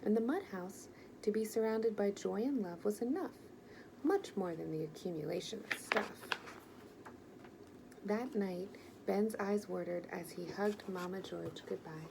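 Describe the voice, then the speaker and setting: A woman gently and expressively reading a children's picture book aloud. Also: mid-range voice, unhurried, vocal fry, noisy background. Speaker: storyteller.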